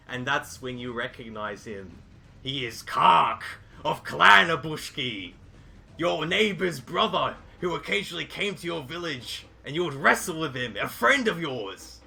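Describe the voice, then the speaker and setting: A man narrating as game master, telling the story in a lively, improvised way. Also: mid-range voice, normal speed, gravelly.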